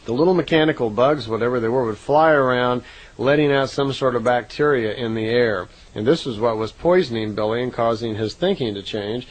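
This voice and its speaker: Relaxed and unscripted, a man works through a long retelling of contact reports at an unhurried, conversational pace. His ordinary mid-pitched voice keeps pausing on "uh" fillers and correcting itself, and the recording quality is low.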